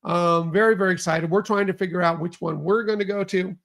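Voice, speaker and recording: Upbeat male podcast host, casual and chatty, with a high voice that has some gravel in it. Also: fairly even intonation, brisk, a bit bright. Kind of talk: casual chat.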